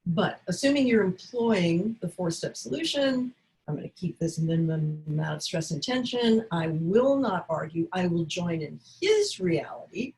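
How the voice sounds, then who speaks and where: A woman's voice: lowish voice, sing-song, normal speed, gravelly, darkish tone, poor audio. A woman teaching caregivers, coaching them and acting out short dialogue examples. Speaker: caregiving educator. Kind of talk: instructional talk.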